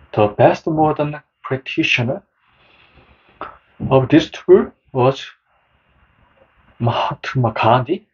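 A man reading a book summary aloud as scripted narration, slow and measured. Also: medium pitch, slightly rough. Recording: dull, lo-fi sound.

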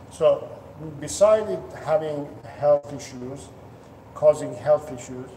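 A man speaking slowly with a fairly high but mellow voice. He coaches earnestly, often restarting his sentences and filling pauses. The sound is roomy and reverberant, picked up from a distance. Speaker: dog trainer. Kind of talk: instructional talk to camera. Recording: echoey room, distant mic, faint noise.

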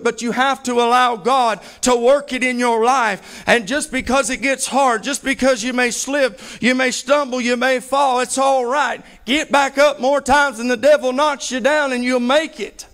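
High-voiced preacher man. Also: fairly even intonation, moderate pace, few pauses, a bit bright. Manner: fervent, emphatic preaching with heavy repetition. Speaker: pastor. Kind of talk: sermon.

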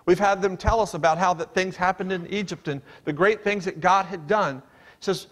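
A man's voice: high-pitched, moderate pace, fairly bright tone. A man preaching a sermon, reading scripture aloud and explaining it in an earnest, emphatic way. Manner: reads King James verses aloud and explains them.

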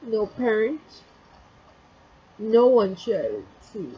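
A woman vlogger retelling a story, emotional and halting, near tears, with many restarts. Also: a little high, big pitch swings, breathy edge, lo-fi sound. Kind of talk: personal vlog, retelling a story.

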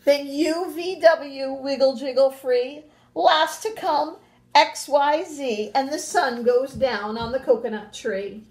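A woman reads a picture book to young children in a high, slow voice, expressive and lively with gasps and playful sound effects. Then, as their teacher, she gives the class instructions. There's a roomy echo.

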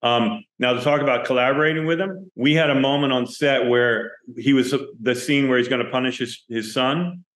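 A man's voice: medium pitch, moderate pace, few pauses. A man, a film director, telling stories from a film set in an interview, acting out the dialogue as he goes. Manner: animated storyteller, acts out quoted dialogue. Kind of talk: interview storytelling. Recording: roomy echo.

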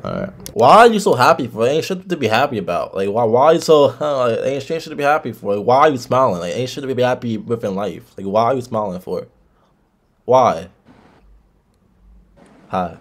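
A man in his twenties chats with strangers in a loose, teasing way. He plays at being offended. His pitch swings up and down a lot. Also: sing-song, a little fast. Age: 20s. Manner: teasing, joking, mock offended. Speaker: video chat host. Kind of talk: casual chat with strangers.

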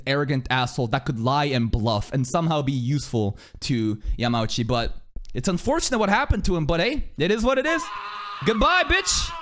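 A young man with a high, lively voice reacts to an anime live on stream. He swears freely and swings from shouted cheers to quieter musing. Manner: excitable, swears a lot, shouts and cheers at the screen.

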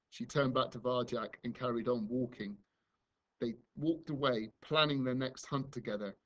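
Expressive male teacher reading a story aloud. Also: mid-range voice, moderate pace, muffled recording. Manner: expressive storytelling, dramatic dynamics. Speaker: primary school teacher. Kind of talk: reading a novel aloud to a class.

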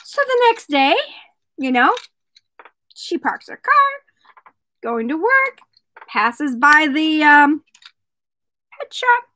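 A woman hosting a relaxed jewelry vlog, chatting and joking with her viewers. Her voice is high, bright and animated, swooping up and down. She takes her time as she talks. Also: slow pace, pauses often, rough recording. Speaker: jewelry seller. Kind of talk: casual product vlog with joke telling.

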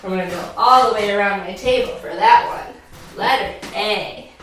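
A woman teaching a preschool phonics lesson from home, speaking slowly and repeating letter sounds for young children. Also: mid-range voice, a bit bright, roomy sound, slight background noise. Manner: slow, sing-song, repeats sounds for children. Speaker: pre-K teacher.

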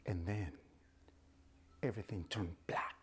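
A male storyteller tells a tale slowly and dramatically. His husky voice often drops to a hushed whisper for suspense. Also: deep voice, steady tone.

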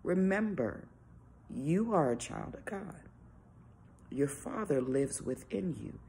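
Slow, expressive woman giving a devotional. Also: deep voice, gravelly, slight background noise. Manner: earnest, conversational preaching with rhetorical questions. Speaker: devotional speaker. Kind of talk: informal devotional talk.

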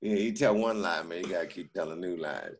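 Speaking a little fast in a low voice, with some slight hiss or hum, a middle-aged comedian guest spins casual anecdotes. He laughs along and performs the voices of the people he's quoting.

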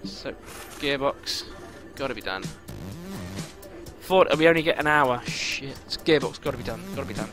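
A man's voice: medium pitch, animated, normal speed. A man giving let's play commentary, talking anxiously to himself and swearing. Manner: anxious, swearing self-talk. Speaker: gaming commentator. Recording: game music behind. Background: racing game music.

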